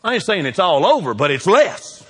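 A middle-aged man, preaching a sermon that swings between loud exhortation and hushed asides. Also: high voice, sing-song, moderate pace, breathy edge, long reverb tail. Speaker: pastor.

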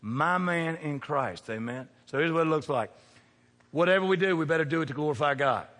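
A man in his fifties preaching a sermon, joking and throwing call-and-response questions at the congregation, swinging from loud to hushed. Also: fairly high pitch, animated, a little fast. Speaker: pastor. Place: large church sanctuary. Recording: long hall reverb.

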